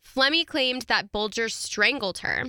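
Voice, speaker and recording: A woman talks through a true-crime case in a casual, chatty way and laughs often. Her voice is bright and forward. The sound is dry and close, with no room around it. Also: fairly high pitch, animated, unhurried, clear, resonant tone, no room sound. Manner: chatty, laughs often, reads quotes aloud. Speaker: podcast co-host.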